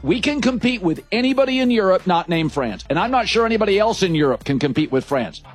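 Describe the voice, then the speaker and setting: Male sports radio host, high voice, soft music under the talk, emphatic and opinionated. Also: big pitch swings, fast talker, husky. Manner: emphatic, punchy short phrases.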